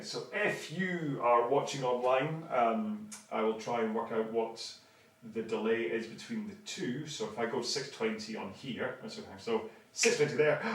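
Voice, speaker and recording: A man in his fifties hosting an online rowing class, chatting casually and rambling with many restarts. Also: medium pitch. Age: 50s. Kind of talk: casual livestream chat. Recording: roomy, mic at a distance.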